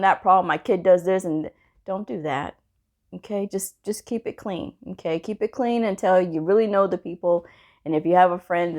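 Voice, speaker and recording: Chatty woman giving friendly career advice. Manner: chatty storyteller, often checks in with "okay?" and "you know what I mean?"; animated, jumps high in pitch when retelling. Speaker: medical coding vlogger. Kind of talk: casual advice vlog.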